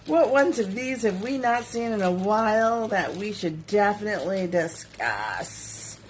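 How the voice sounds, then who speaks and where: A woman's voice: mid-range voice, expressive, unhurried, a little hiss or hum. A woman who makes jewelry, hosting a casual live sales stream from her studio. She chats, giggles and reads viewer comments aloud. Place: home studio.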